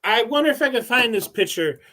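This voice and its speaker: A laid-back man with a high voice, chatting on a podcast. He swears freely and ends lines with dude. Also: animated, fairly quick, sharp tone. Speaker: podcast co-host. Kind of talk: casual chat.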